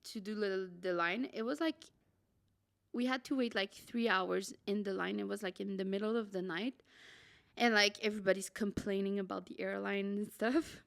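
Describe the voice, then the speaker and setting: A young woman, a podcast co-host, telling a travel story in a dramatic, excitable way and saying "like" a lot. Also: mid-range voice, moderate pace, vocal fry. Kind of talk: casual storytelling.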